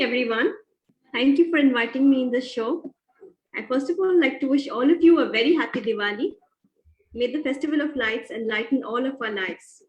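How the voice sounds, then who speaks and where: High-voiced woman reading a poem, echoey. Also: dull audio. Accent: Indian English. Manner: measured, earnest reading. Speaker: poet reciting. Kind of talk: formal poetry recital.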